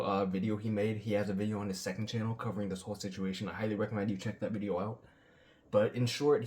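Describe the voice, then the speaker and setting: A man hosting a reaction video, ranting bluntly and sarcastically with plenty of swearing. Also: on the low side. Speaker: commentary channel host.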